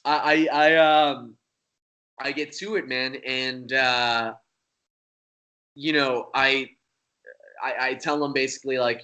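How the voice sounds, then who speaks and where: A man's voice: mid-range voice, normal speed, long pauses. A young man, a magician guest, telling a story in a casual, rambling way and swearing freely. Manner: profane, rambling, animated.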